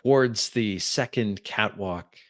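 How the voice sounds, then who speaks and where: A man running a tabletop game as game master, narrating in a measured, deliberate way. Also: on the low side, no echo.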